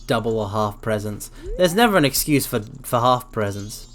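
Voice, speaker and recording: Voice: mid-range voice, lively intonation, moderate pace, a bit bright. A game streamer chatting casually while playing, rambling playfully and dropping into silly sound effects.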